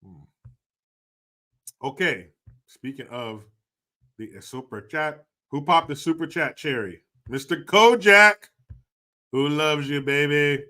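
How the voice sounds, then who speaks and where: A man's voice: a little high, slow, pauses often, bright, forceful tone. A man hosting a livestream, joking crudely, laughing often and reading out viewer donations in casual commentary. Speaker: livestream host.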